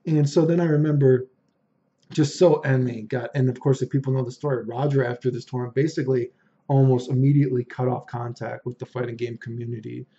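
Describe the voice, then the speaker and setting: A man's voice: mid-range voice, steady tone, fairly quick, dark tone, highs cut off. A man casually telling a long story, rambling, swearing and getting heated as he goes. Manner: rambling, profane, heated retelling.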